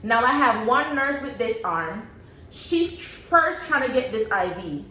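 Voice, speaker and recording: Young woman vlogger, casual storytelling, animated, laughs a lot; slightly high voice, echoey room, faint hum. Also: unhurried. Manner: animated, laughs often, reenacts her own past words.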